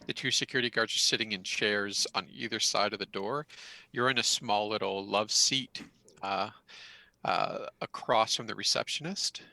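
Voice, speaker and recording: A man's voice: on the low side, normal speed, creaky, bright, forceful tone, no room sound, low-quality recording. A man narrating a tabletop roleplaying game as game master, rambling with many fillers. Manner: rambling, full of fillers and restarts.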